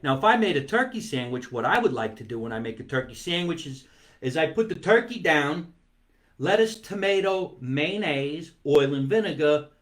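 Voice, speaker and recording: A man hosting a live comedy stream from his basement, talking in a playful, animated way. He stretches words out for emphasis, and at times he talks between bites of food. His voice sits a little higher than most men's. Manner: talks while eating. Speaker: comedy talk show host. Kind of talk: live-streamed comic monologue. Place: home basement.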